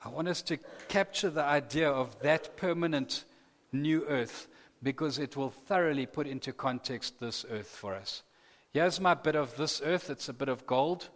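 Man preaching, earnest, kinda high voice, gets fired up, long echo like a big church hall. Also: moderate pace, fairly bright tone. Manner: earnest, builds to impassioned emphasis. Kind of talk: sermon. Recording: long reverb of a large hall.

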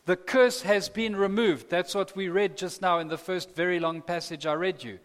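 A man's voice: high voice, normal speed, few pauses. A man preaching a sermon, earnest and building to impassioned emphasis. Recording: long reverb of a large hall.

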